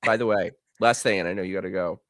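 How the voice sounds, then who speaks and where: A man's voice: deep voice, quick pace, fairly bright tone, no room sound, clean studio sound. A young man hosting a casual livestream, telling a story and breaking into giggly laughter. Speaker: show host.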